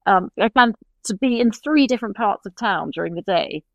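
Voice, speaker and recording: A woman's voice: medium pitch, expressive, normal speed, creaky, fairly bright tone, dry recording, dull audio. A woman with a British accent, talking casually as a podcast guest, chatty and laughing often. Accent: British English. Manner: chatty, laughs often, trails off mid-sentence. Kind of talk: casual conversational interview.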